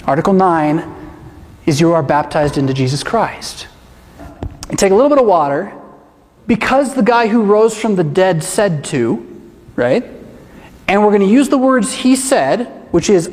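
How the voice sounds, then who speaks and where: A man's voice: fairly high pitch, animated, normal speed, a little mellow. A man who is a pastor, giving an emphatic teaching presentation to a congregation and asking many rhetorical questions. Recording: echoey hall reverb.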